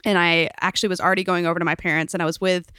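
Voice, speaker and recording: A woman's voice: lowish voice, level tone, rapid-fire, bright, forceful tone, clean tone, no room sound, studio quality. A young woman co-hosting a podcast in casual chat, telling stories and acting out quotes with laughs. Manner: chatty storyteller, acts out quotes with laughs. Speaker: podcast co-host.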